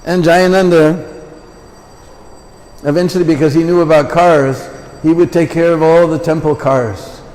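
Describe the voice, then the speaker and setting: A man's voice: fairly high pitch, steady tone, a little slow, a little mellow. A man giving a temple lecture full of anecdotes, with chatty asides to the listeners. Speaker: visiting lecturer. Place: large temple hall. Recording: long temple hall reverb.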